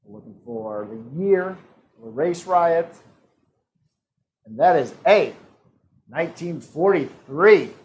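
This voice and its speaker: A man's voice: on the high side, expressive, slow pace, pauses often, darkish tone, rough recording. A man hosting a live-streamed trivia game, reading questions and answer options in a playful, teasing way. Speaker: trivia host.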